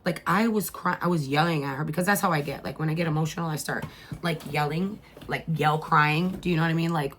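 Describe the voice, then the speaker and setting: A woman's voice: deep voice, a little fast, a bit bright. A middle-aged woman telling a family story in a casual vlog, rambling and heartfelt, with many fillers and restarts. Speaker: mother and vlogger.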